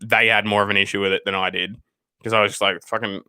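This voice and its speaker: Man, lowish voice, dry close sound, casual swearing rant. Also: little pitch movement, fast, bright, forceful tone, clean tone, dry recording. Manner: profane, ranting, storytelling. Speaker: channel host. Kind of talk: casual livestream chat.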